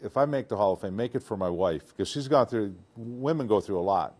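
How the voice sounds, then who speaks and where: An older man from Detroit, a retired football player, telling stories in a casual interview, animated and acting out what people said. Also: on the low side, brisk. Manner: animated, acts out quotes, laughs often.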